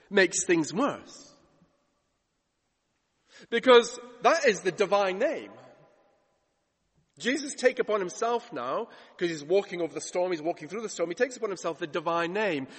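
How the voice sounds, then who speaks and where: A man's voice: high-pitched, a bit bright, breathy edge. A man preaching a sermon, retelling scripture dramatically and acting out the voices he quotes. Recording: long hall reverb.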